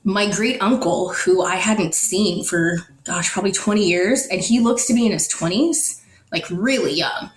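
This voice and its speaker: A woman from the Netherlands, a podcast guest, telling a personal story in an animated way and acting out the dialogue. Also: mid-range voice, moderate pace. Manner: animated, acts out dialogue in quotes. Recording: roomy echo, faint music.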